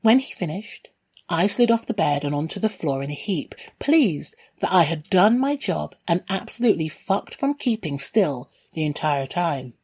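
A woman's voice: fairly low pitch, lively intonation, moderate pace, a little mellow, husky. A woman reading a first-person story in a candid, dryly wry way. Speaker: narrator.

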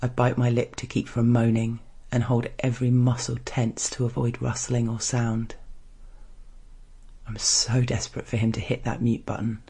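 A man reading a first-person erotic story aloud in a soft, hushed, restrained way. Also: medium pitch, monotone, normal speed, slightly rough. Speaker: story narrator.

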